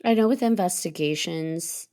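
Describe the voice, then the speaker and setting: A woman's voice: lowish voice, normal speed, warm tone. A woman co-hosting a podcast, asking curious questions and hedging her remarks. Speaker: podcast co-host. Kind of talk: casual podcast chat.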